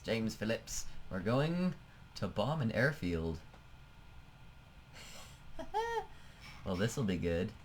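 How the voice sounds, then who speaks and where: A man's voice: medium pitch, a little hiss or hum. A man giving casual, chatty commentary over a flight-sim game, thinking aloud and trailing off as he clicks through menus. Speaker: let's play host.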